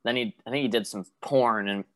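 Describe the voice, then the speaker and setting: A man's voice: on the low side, steady tone, fairly quick, bright, forceful tone. A man co-hosting a podcast, chatting casually in a laid-back way, trailing off and agreeing often. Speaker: podcast co-host. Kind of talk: casual chat.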